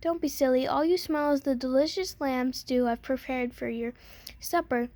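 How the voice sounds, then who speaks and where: A woman voicing a huge, lonely giantess in a storybook reading, booming and fussing. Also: moderate pace, darkish tone, dry recording.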